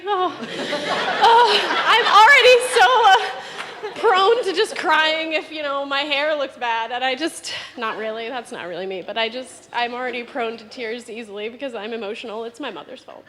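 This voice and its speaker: A young woman speaks at a memorial service in a high, light voice, stopping and restarting as she laughs through her tears. Her words ring out with a long reverb in a large hall. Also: fairly bright tone, a little hiss or hum. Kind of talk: emotional memorial speech.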